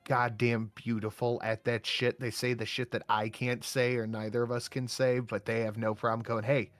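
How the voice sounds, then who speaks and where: A man's voice: medium pitch, flat delivery, normal speed, a bit bright, no room sound, faint music behind. A man co-hosting a livestream, talking casually and bluntly, with plenty of swearing. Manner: blunt, profane. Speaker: co-host.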